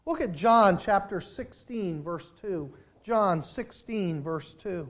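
Pastor guy w a high voice preaching hard, gets loud and drags words out then goes quiet. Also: lively intonation. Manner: preaching with surges of volume and drawn-out emphasis. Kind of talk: sermon.

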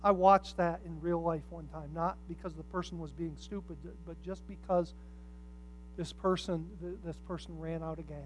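A pastor preaching a sermon, telling stories with humorous asides and swinging from quiet reflection to loud emphasis. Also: medium pitch, moderate pace, a little hiss or hum. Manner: animated storytelling with humorous asides.

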